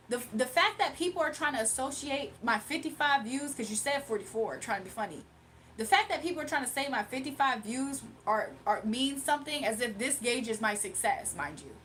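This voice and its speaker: A young woman with a high voice hosts a casual livestream, talking straight to her chat. She sounds combative and mocking as she brushes off critics. A faint room ambience sits under her webcam mic. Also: animated, brisk, fairly bright tone, slight background noise. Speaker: livestream host.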